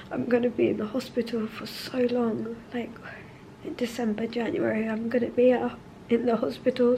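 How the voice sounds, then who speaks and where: Woman vlogger, fairly high voice with lots of vocal fry, soft and halting, candid hospital-room vlog. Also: a little hiss or hum, low-quality recording. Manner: soft-spoken and halting, with trailing restarts.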